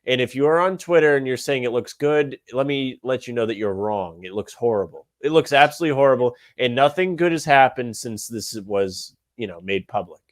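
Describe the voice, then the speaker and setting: A man co-hosting a sports podcast, talking in an opinionated, animated rant. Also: medium pitch, brisk, few pauses, no room sound. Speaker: podcast co-host. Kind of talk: casual sports podcast chat.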